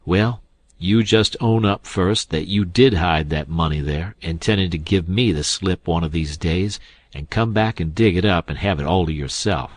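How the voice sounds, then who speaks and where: A man voicing a middle-aged male con man who scolds his partner loudly and sarcastically. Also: deep voice, moderate pace, dry recording. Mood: angry.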